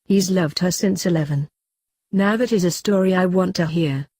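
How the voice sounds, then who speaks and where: A woman's voice: fairly low pitch, normal speed, mellow, no room sound. A woman voicing an outspoken, gushing young woman while reading a story aloud.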